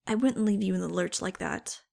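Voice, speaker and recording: A wistful talking dog from an audiobook, earnest and sighing, as a woman reader puts him on. The voice has a gravelly edge and sits at a middling pitch. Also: brisk, darkish tone.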